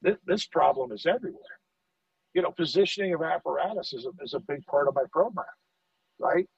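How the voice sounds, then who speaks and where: A gravelly middle-aged man chats on a podcast and acts out conversations as he tells them. His voice sits a little high for a man and sounds dry and muffled, as if he is some distance from the microphone. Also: brisk, no echo. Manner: animated storyteller, acts out quoted dialogue, repeats words. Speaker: fire lieutenant guest. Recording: dull dry audio, off-mic.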